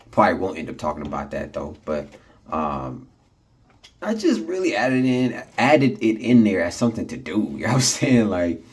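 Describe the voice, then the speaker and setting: A man with a very low, husky voice vents into his phone from his apartment. He rambles with lots of fillers, laughs a lot and sounds frustrated. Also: darkish tone. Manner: laughing often, frustrated, many fillers and restarts. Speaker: vlogger. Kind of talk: casual rambling vlog.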